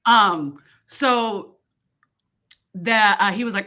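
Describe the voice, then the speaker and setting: A woman's voice: medium pitch, slow pace. A woman chatting casually on a video call, telling a work story with lots of acted-out quotes. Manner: animated storyteller, acts out quoted people. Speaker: co-host of a reading sprint livestream. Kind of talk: casual chat.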